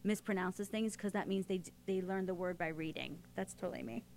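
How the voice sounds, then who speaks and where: A woman's voice: fairly low pitch, steady tone, a little fast, heavy background noise. Talk show co-host, woman, chatty, giggly, self-mocking. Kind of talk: casual chat.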